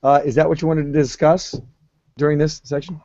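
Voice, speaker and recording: A man's voice: on the high side, little pitch movement, a little fast, mellow, no echo. A man co-hosting a podcast, teasing his partner in casual chat. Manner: teasing and joking. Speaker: podcast co-host. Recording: dull lo-fi podcast audio.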